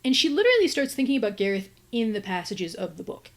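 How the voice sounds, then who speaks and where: A woman's voice: medium pitch, sing-song, quick pace, hardly any pauses. Chatty woman recapping a novel. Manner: chatty, exasperated asides. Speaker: book reviewer. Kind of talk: casual plot recap.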